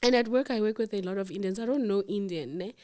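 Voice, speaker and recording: A woman's voice: mid-range voice, fast, slight background noise. A South African woman telling a personal story in casual chat, acting out the voices of the people in it. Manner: animated, acts out voices of others in the story. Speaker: storyteller host.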